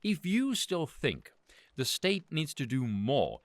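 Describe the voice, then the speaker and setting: A man's voice: on the high side, wildly swooping pitch, slow, no room sound. A man delivering an angry, sarcastic, profane political rant as host of his commentary channel.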